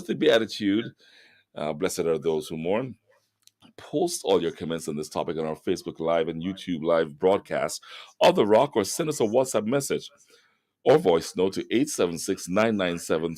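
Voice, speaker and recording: A man's voice: fairly low pitch, a little mellow, no room sound, clean studio sound. A middle-aged man with a Jamaican accent hosting a radio talk show, preaching emphatic, moralizing commentary and repeating words for stress. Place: radio studio.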